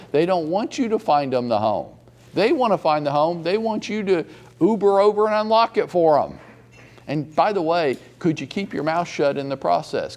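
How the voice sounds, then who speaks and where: A man coaching a room of agents in a lively, swooping voice that sits a bit high. He talks bluntly and swears freely, and he breaks into loud, mocking outbursts. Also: creaky. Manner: blunt and profane, with mocking bursts. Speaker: real estate sales coach. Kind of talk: live training session.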